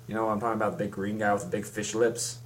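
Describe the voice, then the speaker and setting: A man's voice: fairly low pitch, level tone, rapid-fire, a little hiss or hum. A young man in casual chat, rambling through a story with many restarts and fillers. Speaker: fan recapping a comic.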